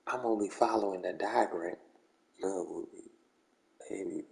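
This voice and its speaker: A man's voice: deep voice, moderate pace, creaky, mellow. A man chatting casually with friends during an online game league, slangy and repetitive. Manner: slangy, repeats "bro" and "come on".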